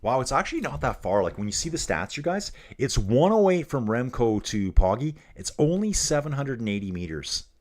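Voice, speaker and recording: A man's voice: mid-range voice, very animated, brisk, few pauses, darkish tone. A man hosting a casual livestream, giving race commentary and reading viewer comments aloud in a chatty, joking way.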